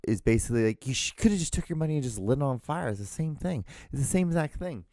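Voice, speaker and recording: A man's voice: mid-range voice, lively intonation, quick pace, dark tone, dry recording, clean studio sound. A man hosting a solo podcast, rambling casually with lots of swearing, restarts and self-mocking laughs. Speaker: podcast host.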